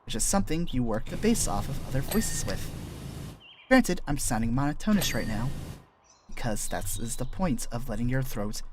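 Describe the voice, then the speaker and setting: Scratchy-throated man rambling on stream. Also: medium pitch. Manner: rambling, trails off and restarts mid-sentence; explains voice-acting technique like a casual teacher. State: dry, scratchy throat from thirst. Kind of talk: rambling gameplay stream chat.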